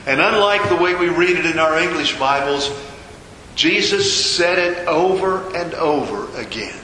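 A man preaching a sermon as a pastor, telling a story with dramatic pauses and repetition. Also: on the high side, lively intonation, bright, forceful tone. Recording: echoey hall with long reverb, faint noise.

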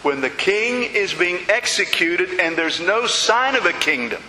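A man's voice: high-pitched, big pitch swings, measured pace, pushed and bright. A man preaching a sermon, telling stories dramatically with repeated refrains. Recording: reverberant hall with faint hiss.

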